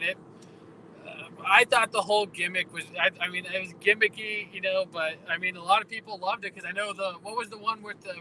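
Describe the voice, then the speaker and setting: Casting: man, high and very bright voice, rambling casual chat, faint traffic noise behind. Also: rough recording. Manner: rambling, halting, many restarts. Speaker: guest on a comics livestream.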